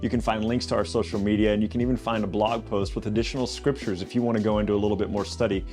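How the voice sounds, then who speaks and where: A man's voice: fairly low pitch, level tone, very fast, a little mellow, soft background music. A man hosting a Bible study podcast. He reads scripture aloud and explains it in a conversational way, often restarting and repeating words.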